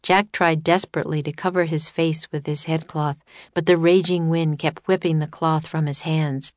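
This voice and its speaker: A woman narrating a children's chapter book in a steady, expressive reading. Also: low-pitched, normal speed, dry recording. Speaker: audiobook narrator. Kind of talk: scripted storybook narration.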